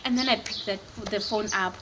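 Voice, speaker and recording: A young woman telling a childhood story as a vlogger, animated and dramatic as she acts out the quotes. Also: mid-range voice, a little fast, noisy background. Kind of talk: casual storytelling to camera.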